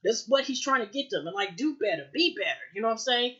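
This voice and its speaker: A woman talks through a TV episode in a loose, rambling recap, piling on fillers and jumping into the characters' dialogue. Her voice sits a little high. The sound is muffled and lo-fi, like a home recording. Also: animated, fast talker, fairly bright tone. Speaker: TV recap reviewer.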